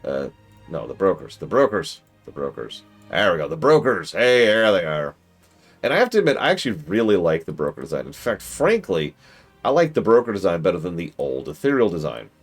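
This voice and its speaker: A man streaming a game, rambling casually with self-corrections and excitable asides. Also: low-pitched, fairly quick. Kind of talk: casual gaming stream commentary. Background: game music.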